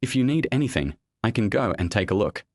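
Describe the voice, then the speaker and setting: A man's voice: fairly low pitch, sing-song, fast, no echo. A man voicing a cocky young male martial artist who teases the people around him. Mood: teasing. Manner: smug, teasing.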